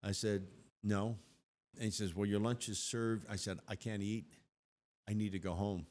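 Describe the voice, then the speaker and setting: An older man, a guest being interviewed, speaks in a lowish voice at a moderate pace. He tells his story animatedly and acts out other people's words.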